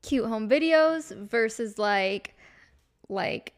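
Young woman, fairly high, casual podcast co-host, chatty with lots of fillers. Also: expressive, slow. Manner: chatty, laughing, many fillers like "like".

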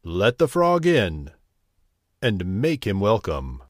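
A stern, fatherly king from a bedtime story, played by a male narrator. He speaks firmly and a touch louder, with a lively rise and fall. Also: lowish voice, slow pace, no echo, studio quality, exaggerated voice.

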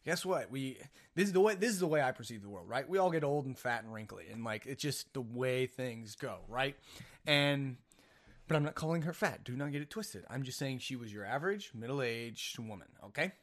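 A man's voice: medium pitch, lively intonation, fairly quick. A man hosting a casual solo podcast, telling a rambling story full of jokes and self-mocking asides. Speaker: podcast host.

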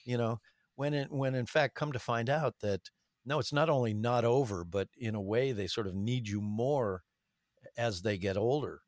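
An older man chats easily in a relaxed interview, his mid-range voice close and dry. He talks reflectively and conversationally. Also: mid-range voice, normal speed, no echo. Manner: conversational, reflective about family. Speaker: voice actor guest. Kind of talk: casual interview chat.

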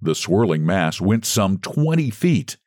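A man hosting and reading a story aloud in scripted, expressive, dramatic narration. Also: deep voice, measured pace, no room sound, clean studio sound. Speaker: host and story reader.

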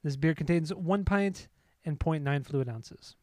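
A man's voice: fairly high pitch, unhurried, dark tone, no echo. Joking young man with a throat tickle. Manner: joking, teasing, stumbling over foreign names. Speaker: podcast co-host reviewing beer. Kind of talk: casual chat.

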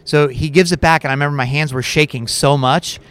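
A man co-hosting a podcast, telling a story in a casual, animated way with plenty of fillers. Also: on the high side, a little fast, clear, resonant tone. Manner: animated, chatty, lots of fillers and laughs. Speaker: podcast co-host.

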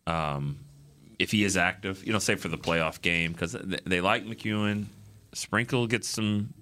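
A man co-hosting a casual sports chat, speaking in an unhurried, hesitant way. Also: low-pitched, pushed and bright. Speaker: co-host.

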